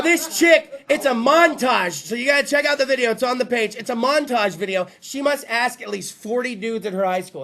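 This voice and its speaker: A man's voice: very high voice, fairly bright tone. A man hosting a talk show, telling crude jokes in a rowdy monologue and acting out other voices. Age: adult. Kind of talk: profane comedic monologue.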